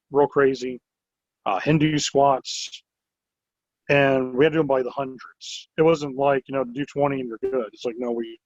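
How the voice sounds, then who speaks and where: A man who owns a wrestling promotion, telling stories in a casual interview with an animated, rambling manner and many filler words. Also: mid-range voice, no echo. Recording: dull lo-fi recording.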